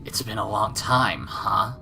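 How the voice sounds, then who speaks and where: A man doing a soft, creepy young stranger. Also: fairly low pitch, vocal fry, slight background noise, heavily acted. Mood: menacing. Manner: soft, quiet, eerie, deliberate.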